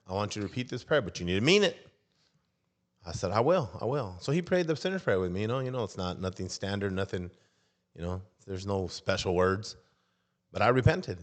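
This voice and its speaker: Low-voiced man telling his testimony. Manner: storytelling, acts out dialogue in raised voice. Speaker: podcast guest. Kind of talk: personal testimony.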